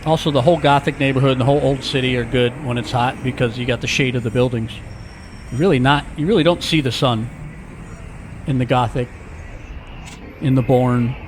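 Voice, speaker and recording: A man of mid pitch talks his way through a street walk, tossing out jokes and wandering asides as he goes. Traffic hums faintly behind him in the open air. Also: fairly even intonation, normal speed, pauses often. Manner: jokey, rambling asides. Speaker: vlogger, walking tour guide. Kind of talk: casual walking-tour narration. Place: outdoor city streets.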